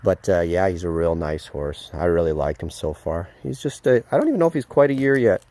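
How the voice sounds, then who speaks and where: A man vlogging casually outdoors at a horse paddock, excited and chatty, with lots of fillers, filmed on a handheld phone. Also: deep voice, brisk. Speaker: vlogger, dog trainer. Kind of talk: casual vlog to camera.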